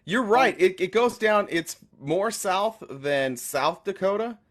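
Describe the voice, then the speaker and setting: A man's voice: high-pitched, animated, slow pace, fairly bright tone. A man from the United States hosting a podcast, joking and teasing his guest in casual chat. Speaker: podcast host.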